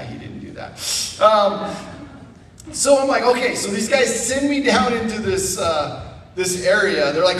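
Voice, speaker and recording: A man giving a guest testimony at church, animated and self-mocking, acting out the people in his story. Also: high-pitched, slight background noise. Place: church sanctuary. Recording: echoey church hall from far off.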